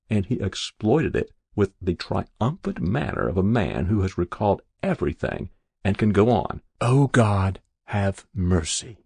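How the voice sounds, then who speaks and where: Give me a gravelly man narrating an audiobook calmly, recorded dry and close. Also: low voice, dry recording. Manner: measured, even storytelling.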